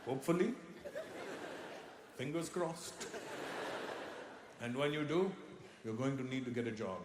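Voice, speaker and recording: A tired, doubtful father, played by a man speaking low and quiet as he delivers sober advice with dry resignation. The sound is roomy and noisy, like a live stage. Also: lively intonation, unhurried, lightly acted. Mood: resigned. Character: weary, doubtful father talking to his son.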